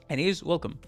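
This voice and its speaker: A man's voice: on the high side, vocal fry. A man streaming a game, reading its story aloud, laughing often and chatting with viewers.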